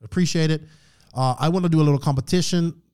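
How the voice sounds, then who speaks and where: A man hosting a podcast, delivering a casual, preachy motivational rant and clearing his throat often. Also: on the high side, fast talker, darkish tone. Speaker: podcast host.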